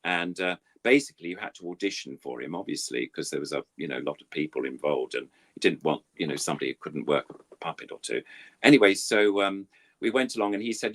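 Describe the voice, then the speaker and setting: Deep-voiced older Englishman telling stories. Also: fast, a bit bright. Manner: rambling, self-deprecating storytelling with many fillers. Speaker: puppeteer guest. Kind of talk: anecdotal interview chat.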